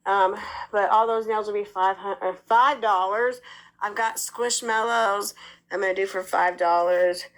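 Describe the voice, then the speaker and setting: A woman's voice: medium pitch, steady tone, a little slow, poor audio. A woman chatting casually on a livestream, rambling with lots of fillers, sick with a cough. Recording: clip played inside a commentary video.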